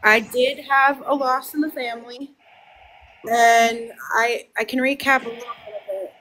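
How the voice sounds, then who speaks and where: A woman speaking as a livestream guest, halting and emotional, restarting her sentences as she tells a family story. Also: fairly high pitch, fairly even intonation, pushed and bright, slight background noise.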